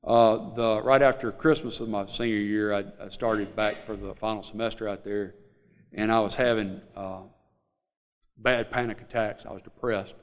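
A middle-aged man with a Southern US accent, telling a personal recovery story to a group in a halting, rambling way, full of fillers. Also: on the low side, fairly even intonation, smooth. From Mississippi Delta, USA. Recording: long hall reverb.

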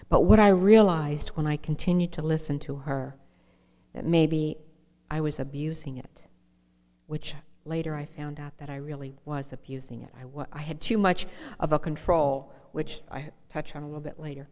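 A woman's voice: deep voice, steady tone, moderate pace, darkish tone. A woman giving an emotional, earnest personal testimony from a podium at a meeting. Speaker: speaker sharing her recovery story at a meeting. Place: hall with a podium. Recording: long hall reverb.

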